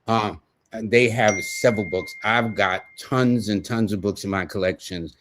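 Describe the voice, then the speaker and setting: A man's voice: on the low side, measured pace, a bit bright, slight background noise. A man with a New York accent giving live numerology readings in a folksy, conversational way, speaking to viewers by name. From United States. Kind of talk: casual livestream reading.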